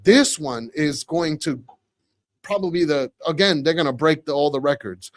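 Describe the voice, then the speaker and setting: A man in his forties hosting a podcast live, chatting casually with viewers, reading comments and repeating phrases excitedly. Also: a little high, normal speed, no echo. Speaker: podcast host.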